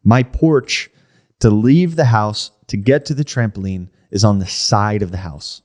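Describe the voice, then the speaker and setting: A man's voice: on the low side, measured pace, darkish tone. A man co-hosting a comedy podcast, telling a story casually and often saying "like" and "right?". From New Jersey, USA. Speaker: podcast co-host. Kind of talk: casual chat.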